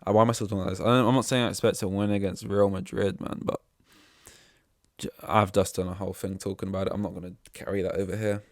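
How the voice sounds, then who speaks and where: Low-voiced young guy ranting on his own podcast, swears a lot, dead dry mic. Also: fairly even intonation, fast, darkish tone, no echo. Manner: sweary, sarcastic, rambling. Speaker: podcast host. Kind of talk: casual solo podcast monologue.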